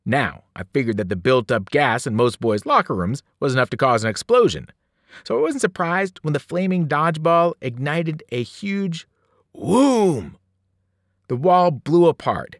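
A man, a teacher, reading a novel aloud with dramatic, animated storytelling. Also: mid-range voice, no echo, clean studio sound. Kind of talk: novel read-aloud narration.

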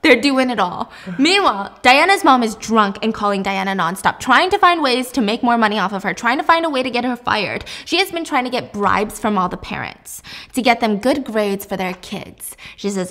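A woman hosts a casual recap of a TV drama. She tells the story with lively energy and laughs along the way. Her voice sits fairly high. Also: brisk. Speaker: host.

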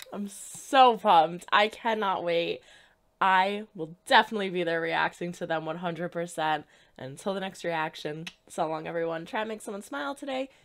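A woman's voice: mid-range voice, fairly bright tone. A woman hosting a reaction video, talking with bubbly, gushing enthusiasm. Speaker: reaction channel host. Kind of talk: excited reaction vlog.

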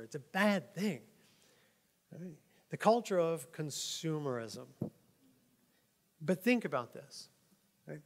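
A man preaching a casual, joking sermon in church, often checking in with his listeners as he talks. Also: a little high. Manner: chatty, joking, keeps asking "right?". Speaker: pastor. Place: church sanctuary. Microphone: microphone.

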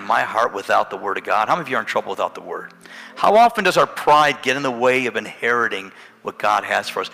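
A male pastor preaching a storytelling sermon, his voice gravelly with a bright, forceful edge. It swings from hushed asides to loud bursts. Long reverb from a church hall carries every line. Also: on the low side. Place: church sanctuary.

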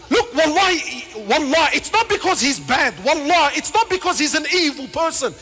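An Islamic preacher with a high-pitched voice delivers a fiery, passionate religious lecture in a reverberant hall. He swings between shouted appeals and low asides, acting out dialogue as he tells stories.

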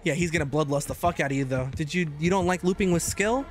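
A man giving joking, excitable commentary while streaming gameplay, often breaking into high shouts. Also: quick pace. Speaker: gaming streamer.

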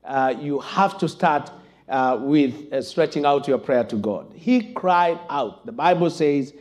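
A man preaching a sermon as pastor, impassioned and building to shouted emphasis. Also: fairly high pitch, measured pace.

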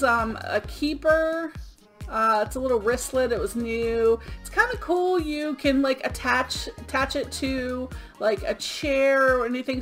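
A middle-aged woman from Florida, sick and out of breath, chatting casually through items she sold, with many ums. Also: fairly high pitch. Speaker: eBay reseller vlogger. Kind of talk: casual show-and-tell vlog.

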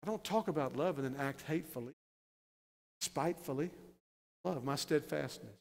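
A man preaching from the pulpit, his fairly high voice swelling into loud, stressed phrases. The sanctuary around him rings with a long reverb. He works through his points with steady emphasis. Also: moderate pace, vocal fry. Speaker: pastor. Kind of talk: sermon. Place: church sanctuary.

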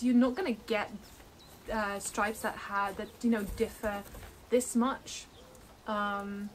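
Amazed young woman unboxing a plush, slow. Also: mid-range voice, a little hiss or hum. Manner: excited, amazed, rambling with fillers and restarts. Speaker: plush maker and vlogger. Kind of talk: casual unboxing vlog. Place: home room with tripod camera. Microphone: camera mic on a tripod.

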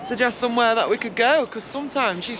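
Male travel vlogger, high voice, chatty and rambling, noisy outdoor recording with traffic. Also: fast talker. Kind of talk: casual chat. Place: outdoors by a beach.

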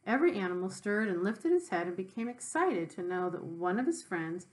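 A woman teacher reading a children's book aloud, pausing to explain words to young listeners. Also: mid-range voice, poor audio. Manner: expressive, with brief explanations for children.

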